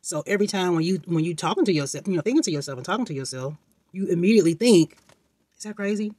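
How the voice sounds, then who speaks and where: A man's voice: sits high, expressive, racing, darkish tone, husky, no room sound. A man vlogging in a casual, rambling monologue while sitting at home making something, with many fillers and acted-out quotes.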